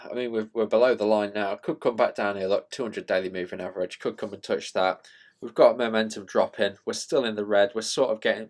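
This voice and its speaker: Man, fairly low voice, casual market commentary, rambling, lots of ums and uhs. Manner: rambling, self-deprecating, thinking out loud with fillers. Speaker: trading channel host.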